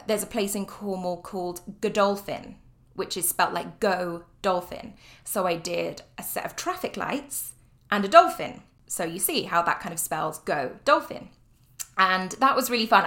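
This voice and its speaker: A woman's voice: lowish voice, fairly bright tone. A young British woman from the UK hosting a podcast in a casual, upbeat solo chat, full of fillers and light laughter. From United Kingdom. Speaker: podcast host.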